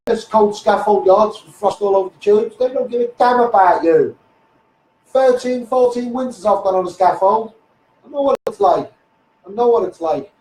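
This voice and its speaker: A man's voice: high voice, lively intonation, normal speed, darkish tone, echoey room, far from the mic, slight background noise, rough recording. A man with a Scouse accent in a blunt, rambling live stream rant, repeating "mate" and "you know what I mean". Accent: Liverpool (Scouse). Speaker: local campaigner on a live stream. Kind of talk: ranting live stream monologue.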